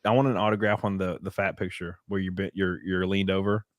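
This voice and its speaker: A man's voice: sits low, level tone, fairly quick, no echo. Crude joking man on a dry mic. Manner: crude, joking, reads chat comments aloud. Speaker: stream host. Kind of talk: casual livestream chat.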